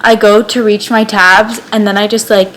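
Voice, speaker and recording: A young woman chatting casually in a reading vlog at home, excitable and full of "like", speaking into a camera mic. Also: mid-range voice, moderate pace, slight background noise, rough recording. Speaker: book vlogger.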